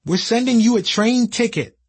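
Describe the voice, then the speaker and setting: Man putting on a cheery high caller voice, upbeat, friendly, lilting, husky edge. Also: normal speed. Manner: cheery, upbeat, bright phone voice. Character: cheery friendly man calling with good news.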